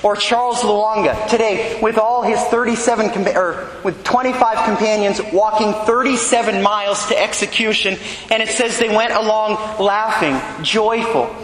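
A man preaches a homily in a large church, his fairly high voice carrying a long, echoing reverb. He speaks earnestly but conversationally, often checking in with his listeners. Faint ambient sound sits behind him. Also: normal speed, a bit bright, slight background noise. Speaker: priest.

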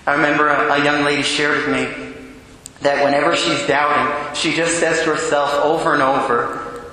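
A Catholic priest, a man with a bright, fairly high voice, preaches a homily in earnest. He keeps asking his listeners direct questions. The sound rings around a large church with a long, echoing tail. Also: little pitch movement, moderate pace. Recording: very echoey church with long reverb.

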